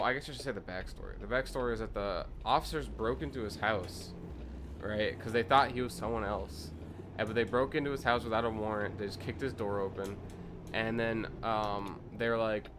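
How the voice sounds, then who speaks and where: A young man streaming a truck-driving game from his home setup, chatting casually and telling a heated, profane story. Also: lowish voice. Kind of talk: casual gaming stream chat. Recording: truck engine noise from game. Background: game truck engine and road ambience.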